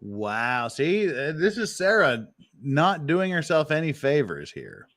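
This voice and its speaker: Excitable, swearing male commentator. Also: fairly high pitch, slow, a little hiss or hum. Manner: excitable, swears often, repeats himself. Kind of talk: profane reaction commentary.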